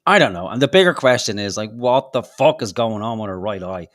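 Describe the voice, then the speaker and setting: Low, lively man bantering. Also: a little fast, dry recording, studio quality. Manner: sweary, laughing banter. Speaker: podcast co-host. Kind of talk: casual chat.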